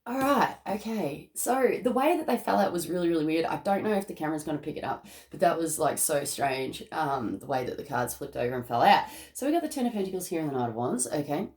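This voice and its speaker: A woman's voice: low voice, animated, fast, hardly any pauses, a little mellow. A woman giving a casual, emotional tarot reading to camera, chatty and often laughing. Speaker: tarot card reader.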